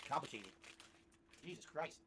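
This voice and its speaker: A man telling a long rambling story to his stream viewers, animated and repeating himself. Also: a little high, normal speed, husky.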